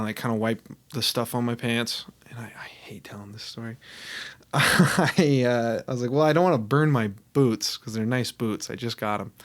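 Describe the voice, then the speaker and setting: A man's voice: medium pitch, a bit bright. A young adult man, a podcast guest, telling a story in casual chat and laughing often as he talks.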